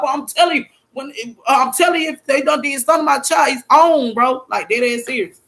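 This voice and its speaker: A young woman vlogger telling a personal story in a blunt, profane, repetitive way, breaking into loud exclaimed quotes. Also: high voice, normal speed, gravelly. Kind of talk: emotional storytime monologue.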